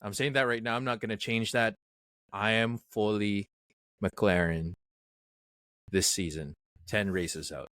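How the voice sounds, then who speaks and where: A man's voice: on the low side, steady tone, unhurried, pauses often, a bit bright, no echo. A man co-hosting a casual podcast chat, talking emphatically with frequent fillers. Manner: emphatic, bold predictions, many fillers. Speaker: podcast co-host.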